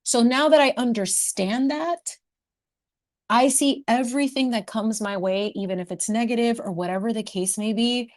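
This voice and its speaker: A woman's voice: on the high side, normal speed. A woman hosting a casual livestream chat, playful and sassy, laughing often and dropping in Spanish words. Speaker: livestream host.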